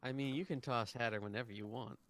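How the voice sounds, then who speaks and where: A man narrating a tabletop game as game master, hesitant with many pauses and restarts. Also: mid-range voice, fairly even intonation, a bit bright, a little hiss or hum.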